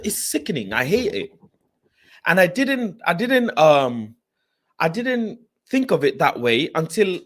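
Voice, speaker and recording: Animated man ranting about football. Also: fairly high pitch. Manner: animated and repetitive, gets loud and rants when heated. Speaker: football channel host. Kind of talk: casual vlog talk.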